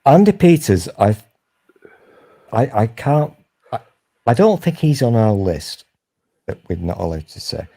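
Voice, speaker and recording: A man's voice: medium pitch, big pitch swings, measured pace, long pauses, dark tone. A man in his forties hosting a casual sofa chat, rambling along in a sweary, mischievous way. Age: 40s. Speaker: host.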